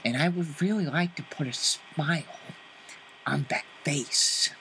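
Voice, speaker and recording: A man putting on the voice of an unhinged male cartoon villain, low and taunting. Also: unhurried, bright, forceful tone, slight background noise, rough recording. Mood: menacing.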